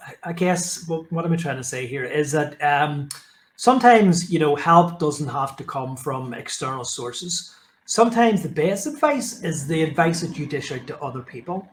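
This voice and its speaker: A man's voice: fairly high pitch, low-quality recording. A man hosting a casual interview, who hesitates and restarts his sentences while he searches for words. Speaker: podcast host. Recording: faint background noise.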